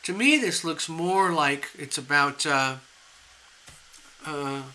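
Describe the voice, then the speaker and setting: A man giving tarot readings on a live stream, talking gently and soothingly, rambling with fillers. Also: fairly high pitch, takes it slowly, rough recording. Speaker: tarot reader.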